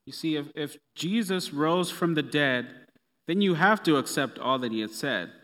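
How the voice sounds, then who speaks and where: A man preaching a sermon in a relaxed, conversational way with playful asides. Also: fairly high pitch, moderate pace. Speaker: pastor. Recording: long reverb of a hall.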